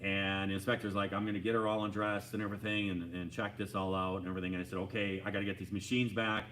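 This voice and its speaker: A man casually retelling a side-by-side rollover story in a rambling, animated way, full of restarts. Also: deep voice, fast talker, a little hiss or hum. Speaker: homestead vlogger.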